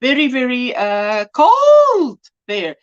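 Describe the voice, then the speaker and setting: A woman chats on a crochet livestream, greeting viewers by name and reading their comments aloud. Her voice sits high and swings widely in pitch. The sound is a bit dull, as if captured on a phone. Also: wildly swooping pitch, takes it slowly. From South Africa. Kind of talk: casual live-stream chat.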